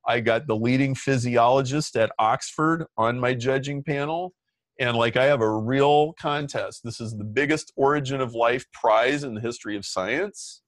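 Middle-aged man, interview guest, relaxed storyteller with filler words, dry recording. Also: mid-range voice, moderate pace, dry recording. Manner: chatty, lots of "like" fillers. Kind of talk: casual storytelling.

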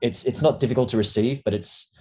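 An emotional man from Australia, a podcast guest, speaking haltingly with restarts and blunt swearing. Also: medium pitch, fairly even intonation, a little mellow, breathy edge. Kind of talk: candid interview talk.

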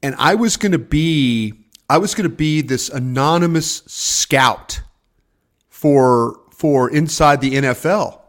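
A man's voice: a little high, takes it slowly. An older man, a former scout, telling rambling stories on a video call from his home office, acting out what others said. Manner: rambling, acts out quotes in voices. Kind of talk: casual storytelling chat.

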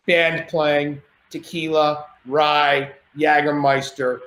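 A man spins a loud anecdote with a lot of swearing and tangents. His voice sits a bit high. The sound is roomy and echoey, as if recorded in a cottage. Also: slow, a little hiss or hum. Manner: lively, profane, rambling anecdotes. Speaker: podcast guest. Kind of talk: animated storytelling.

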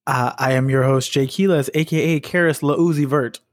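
A young man co-hosting a casual podcast, relaxed and a bit hesitant. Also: medium pitch, brisk, no room sound, studio quality. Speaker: podcast co-host.

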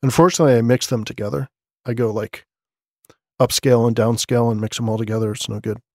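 A man's voice: mid-range voice, fairly even intonation, fast talker, mellow, no echo. A man hosting a podcast, running through tech news items in a loose, conversational way with asides, recorded on a studio condenser microphone. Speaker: podcast host. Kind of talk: casual newsletter-style tech commentary.

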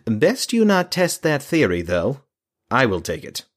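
A man's voice: mid-range voice, huge pitch swings, voice pushed up. A man voicing a smug commanding mage. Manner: pointed, condescending, slow.

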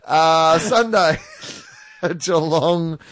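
A man's voice: on the high side, very slow, a bit bright. A man co-hosting a casual sports podcast, chatty and jokey with lots of fillers. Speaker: podcast co-host.

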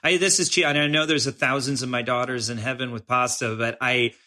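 A man's voice: medium pitch, steady tone, brisk, pushed and bright. A man from Los Angeles, a film director guest, chatting in a rambling, hesitant way with lots of restarts. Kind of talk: casual interview chat.

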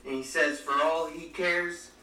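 Comedy podcast guy, british, bright higher voice, over-the-top ranting, roomy and off-mic. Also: steady tone, measured pace. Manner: over-the-top faux outrage, theatrical. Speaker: podcast co-host. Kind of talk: comedic mock rant. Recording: roomy, distant mic, faint noise.

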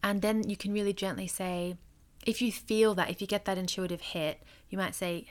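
A woman hosting her own coaching podcast, speaking earnestly and loosely, with lots of "like" and gentle encouraging advice. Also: mid-range voice, steady tone, moderate pace. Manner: earnest, loose and conversational with frequent "like". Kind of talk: solo podcast talk.

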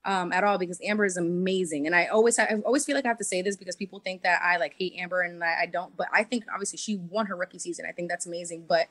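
A woman guest on an interview, telling her story in an animated way and acting out what she and others said. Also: fairly low pitch, racing, hardly any pauses, no echo. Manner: animated storyteller who acts out what people said. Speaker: reality show contestant guest. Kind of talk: casual interview chat.

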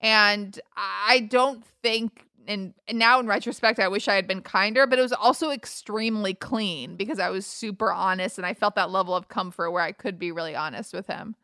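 A woman in her thirties talking in a casual chat. She sounds bright and forceful, with a dry, close sound, and she keeps the talk lively and candid with frequent laughs. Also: mid-range voice, normal speed, few pauses, no room sound. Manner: candid, laughing, animated storytelling.

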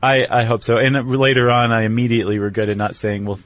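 A man hosting a podcast in casual chat, easygoing and quick to laugh. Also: mid-range voice, steady tone, a bit bright, no room sound. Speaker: podcast host.

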